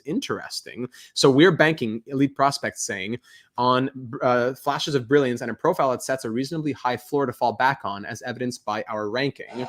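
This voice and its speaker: A man hosting a live reaction stream, reading scouting reports aloud and breaking in with excited asides. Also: medium pitch, moderate pace. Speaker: livestream host. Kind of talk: live draft reaction and analysis.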